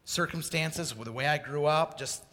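High bright-voiced preacher guy, goes soft then shouts, big echoey church hall. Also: normal speed. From Idaho. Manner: passionate, swings from quiet confession to shouted exclamations. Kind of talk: sermon.

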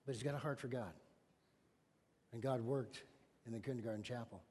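A man's voice: medium pitch, fairly quick, long pauses, husky, big-room sound. A middle-aged man preaching a sermon as pastor, telling stories animatedly and acting out the voices of people he quotes. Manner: animated storytelling with big swings in loudness.

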